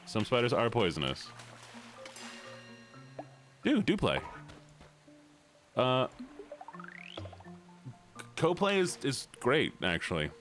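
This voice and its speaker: A man streaming a game and chatting casually with his audience, goofy and playful, slipping into a put-on southern drawl and deep joke voices. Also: huge pitch swings, slow, long pauses, a bit bright, faint music behind. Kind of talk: casual chat with a live stream audience while gaming.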